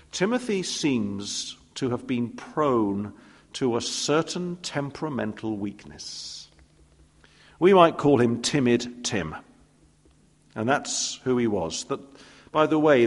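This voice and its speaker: A man preaching a sermon, telling stories with playful asides and acting out quoted voices. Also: mid-range voice. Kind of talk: expository sermon. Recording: long reverb of a church hall.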